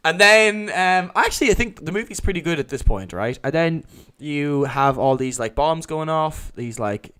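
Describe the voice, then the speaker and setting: Brief: male podcast host, casual and profane, sarcastic, bright and forceful tone. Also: fairly high pitch, expressive, normal speed, hardly any pauses, clear, resonant tone. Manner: sweary, sarcastic, mocks characters in put-on voices.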